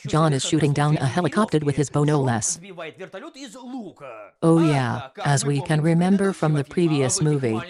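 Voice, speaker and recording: A film reviewer giving sarcastic, mocking scripted narration in slightly broken English. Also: mid-range voice.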